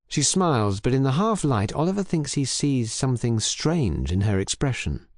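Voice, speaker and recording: A man reading a crime story aloud in clear, measured narration for English learners. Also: medium pitch, very animated, darkish tone, no echo, clean studio sound. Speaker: audiobook reader.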